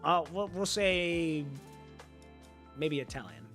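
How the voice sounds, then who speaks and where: A man chatting casually to his viewers, rambling and thinking out loud with the odd swear. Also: on the high side, slow pace, soft background music. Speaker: streamer.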